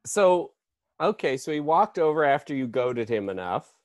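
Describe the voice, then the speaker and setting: A man calmly asking dry follow-up questions in an improv comedy interview. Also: on the high side, normal speed, dry recording.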